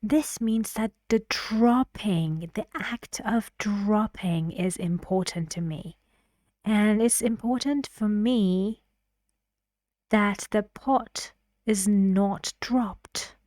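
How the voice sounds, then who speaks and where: A woman explaining intonation in an English lesson, patient and clear, sometimes dropping to a whisper. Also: mid-range voice, very slow, a little mellow, no room sound, clean studio sound. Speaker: English teacher.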